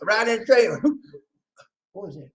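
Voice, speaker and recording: A man hosting his own video channel, talking casually straight to his viewers, shouting out names and preaching about community. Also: high-pitched, expressive, unhurried, poor audio. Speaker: vlog host. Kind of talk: casual direct-to-camera chat.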